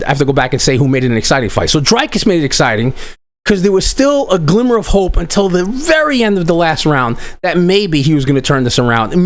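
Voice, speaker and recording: A man's voice: sits high, no echo. A man hosting a live online chat, giving blunt, profane, rambling commentary on a fight. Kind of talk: casual livestream commentary.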